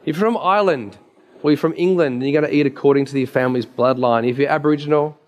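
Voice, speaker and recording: A man's voice: medium pitch, fast talker. A man, a naturopath giving an emphatic, story-filled presentation with slides.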